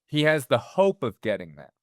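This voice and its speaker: A man's voice: mid-range voice, big pitch swings, moderate pace, dry recording, studio quality. A man co-hosting a movie podcast, talking casually and animatedly, swearing often and acting out characters' lines. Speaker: podcast co-host.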